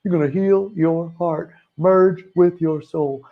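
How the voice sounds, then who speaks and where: A man doing an impression of a well-known older male politician, smoothly pitching a healing retreat in a folksy, persuasive manner. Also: fairly even intonation, slow, narrow, tinny audio. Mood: salesy.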